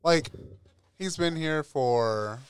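Animated young man telling stories. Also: a little high, very slow, clear, resonant tone. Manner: animated storyteller, acts out family voices. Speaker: podcast guest. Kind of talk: casual chat.

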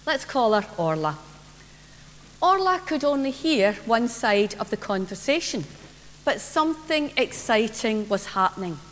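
A woman minister, preaching a sermon in a church and telling a gentle story. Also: a little high, sing-song, unhurried. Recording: reverberant church, faint hum.

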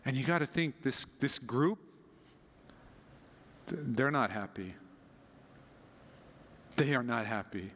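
A man preaching a sermon as a pastor, conversational and animated, acting out quoted passages with dramatic readings. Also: medium pitch, measured pace, long pauses, in a large hall, a little hiss or hum.

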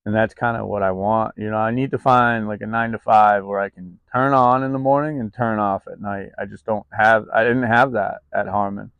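A man's voice: fairly low pitch, fairly even intonation, a little fast, hardly any pauses, smooth, no echo, phone-quality sound. A man talking candidly in a personal vlog, rambling and confessional with many ums and restarts, recorded outdoors in the cold. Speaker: vlogger.

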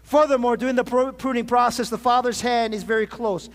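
Pastor guy preaching, high voice, lots of "amen?" asks, big echoey church hall. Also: fairly even intonation, a little fast. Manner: preaching with call-and-response asides, frequent restarts. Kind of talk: sermon. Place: church sanctuary. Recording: long reverb of a large hall.

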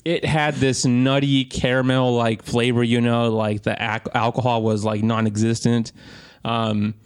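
A man in his thirties co-hosting a podcast, telling an animated story in casual chat and swearing freely. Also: medium pitch, unhurried, clear, resonant tone. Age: 30s. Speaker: podcast co-host.

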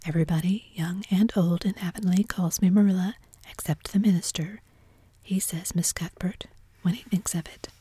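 A woman voicing a stern, disapproving older spinster in a breathy whispered role-play. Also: on the low side, steady tone, moderate pace, warm tone, no echo. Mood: firm. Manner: curt, disapproving.

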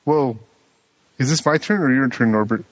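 A man's voice: mid-range voice, normal speed, no room sound. A man jokes about his own bad luck in a laid-back chat over a card game. His voice sounds close and dry, with no room around it. He keeps the talk light and self-mocking. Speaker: card game podcast co-host. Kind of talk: casual gaming chat.

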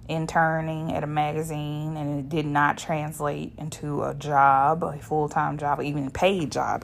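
A woman's voice: deep voice, gravelly, a little hiss or hum. A woman, hosting a podcast as a blunt, profane solo monologue. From Shreveport, Louisiana, US. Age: 30s. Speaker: podcast host.

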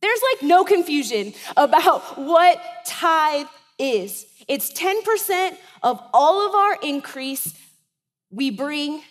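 A woman pastor in her thirties with a high voice, preaching a sermon in a chatty style and asking the congregation to agree as she goes. Her voice carries the long reverb of a big church sanctuary. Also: lively intonation, slow. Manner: conversational preaching, checks in with the congregation.

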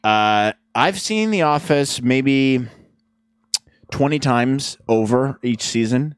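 A man's voice: mid-range voice, expressive, takes it slowly, clear, resonant tone, no echo, studio quality. A man co-hosting a podcast, giving opinionated rambling rants with playful jabs in casual chat. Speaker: podcast co-host.

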